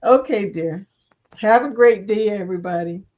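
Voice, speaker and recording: A woman's voice: mid-range voice, moderate pace, a little mellow. Chatty woman hosting a livestream. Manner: chatty, laughs often, talks to chat as y'all. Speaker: livestream host. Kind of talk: casual livestream chat.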